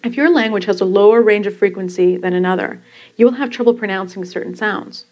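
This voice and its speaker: A woman and podcast host reading from her own book, explaining language learning in a calm, instructive way. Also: medium pitch, a little fast, poor audio. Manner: calm, instructive, demonstrating pronunciation.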